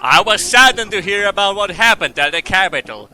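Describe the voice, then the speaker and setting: A man voicing a solemn middle-aged preacher in a video game, speaking slowly and formally. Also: high voice, expressive, sharp tone, voice pushed up, exaggerated voice. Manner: slow, grave, formal delivery.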